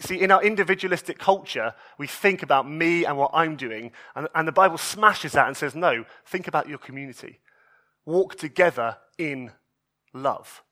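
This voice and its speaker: A man's voice: on the high side, pushed and bright. A man in his thirties, a pastor delivering an earnest, pleading sermon and often restarting his phrases.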